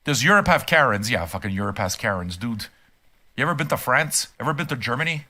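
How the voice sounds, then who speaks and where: A man's voice: medium pitch, expressive, fast, sharp tone. An older man streaming a reaction and ranting casually from his room, profane, emphatic and heated. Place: home room.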